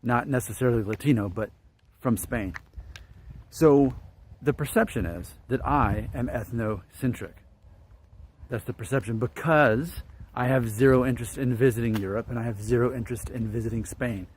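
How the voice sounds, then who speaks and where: A vlogger in his late thirties from northern Alabama muses aloud to his viewers in a casual monologue, repeating himself and trailing off. His medium-pitched voice is a little mellow and moves at a normal speed.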